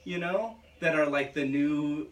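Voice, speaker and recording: A man co-hosting a casual film podcast, talking eagerly but haltingly as he hunts for names. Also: a little high, far from the mic. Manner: enthusiastic, halting, searching for names. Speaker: podcast co-host.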